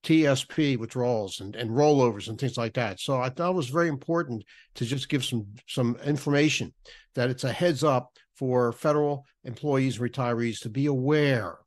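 Halting man explaining tax rules. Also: mid-range voice. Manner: halting, with many restarts and repeated words. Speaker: podcast guest, federal benefits writer. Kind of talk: explanatory podcast talk.

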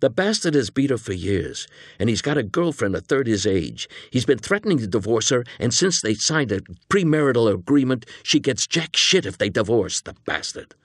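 A man's voice: medium pitch, very animated, no echo, clean studio sound. A man voicing a nervous young male hitman partner who talks earnestly and pleads, in an audiobook reading. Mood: nervous pleading. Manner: earnest, pleading, talking fast.

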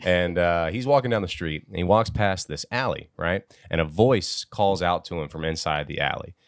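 A man's voice: deep voice, moderate pace, no room sound, studio quality. A man co-hosting a casual comic review podcast, joking and stumbling over his words as he talks. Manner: joking, stammering restarts. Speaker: podcast co-host.

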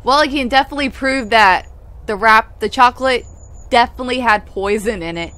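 A woman's voice: a little high, brisk, fairly bright tone, dry recording. A woman hosting a let's play, reading and thinking aloud about the game. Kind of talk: game commentary.

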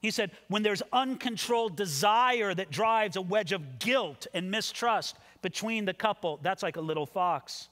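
Male pastor with a high voice, animated sermon delivery, long hall reverb. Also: unhurried, few pauses. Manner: animated, acts out quoted voices. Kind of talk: expository sermon.

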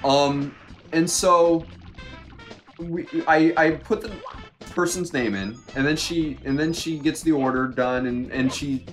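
A young man co-hosting a podcast, telling a work story in a casual, animated and exasperated way. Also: a little high, slow pace, soft background music. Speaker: podcast co-host.

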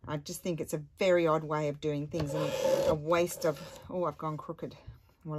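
Here a craft vlogger keeps up a loose, um-filled chat as she crafts at home, speaking at a moderate pace in a low-pitched voice. The recording is very noisy.

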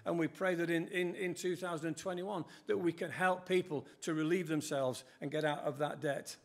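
A man's voice: fairly high pitch, steady tone, moderate pace. An older man preaching a sermon in a church, earnest and quoting scripture with rising emphasis.

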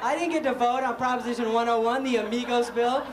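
A young man performing a stand-up set on stage, sarcastic and quick with mocking asides. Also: extremely high pitch, flat delivery, noisy background. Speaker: stand-up comic. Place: stage before a live audience. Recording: roomy stage sound with crowd.

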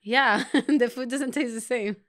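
A woman's voice: on the high side, measured pace. A woman co-hosting a casual studio chat, playful and laughing often as she teasingly insists on her point. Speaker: podcast co-host.

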